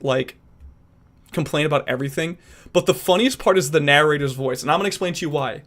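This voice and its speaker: Animated young man chatting casually. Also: a little high. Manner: animated, sporadic. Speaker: aspiring voice actor and podcast guest. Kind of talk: casual chat.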